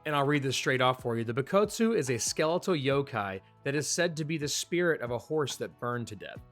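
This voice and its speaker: Male host, mid-pitched and chatty, enthusiastic casual commentary with faint guitar music underneath. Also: animated, fairly quick, a bit bright. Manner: chatty, enthusiastic, with small restarts. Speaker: manga review host.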